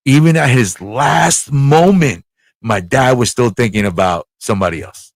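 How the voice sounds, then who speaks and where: A fairly low-voiced man hosting a live chat show, rambling and swearing as he talks. He repeats words and restarts his sentences, and the sound is dry and close. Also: lively intonation, normal speed, no echo. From United States. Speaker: show host.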